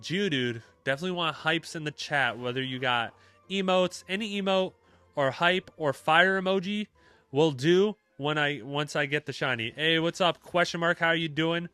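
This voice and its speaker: A young man chatting casually with his live-stream chat, relaxed and talkative, with many fillers. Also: on the high side, moderate pace, clear, resonant tone, no room sound.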